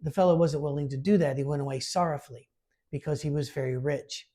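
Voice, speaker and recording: A man preaching a conversational sermon, informal and lively, reading scripture aloud with emphasis. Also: fairly high pitch, quick pace. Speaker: pastor.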